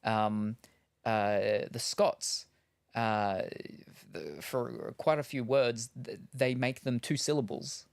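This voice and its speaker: A man talks his way through an unboxing in loose, casual chat. He rambles, drifts into asides and fills gaps with plenty of ums, at an ordinary middle pitch. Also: slow, vocal fry. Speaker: streamer.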